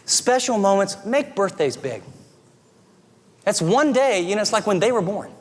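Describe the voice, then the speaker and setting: A middle-aged man preaching a sermon, earnest and conversational, often dropping to soft, tender tones. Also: high-pitched, lively intonation, normal speed. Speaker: pastor. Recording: long reverb of a large hall.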